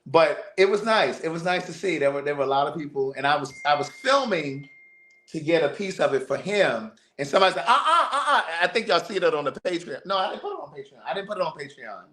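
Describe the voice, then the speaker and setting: A man hosting a livestream, telling a family story in a casual, animated way, often repeating words. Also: fairly high pitch, fast talker. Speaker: livestream host. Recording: roomy echo.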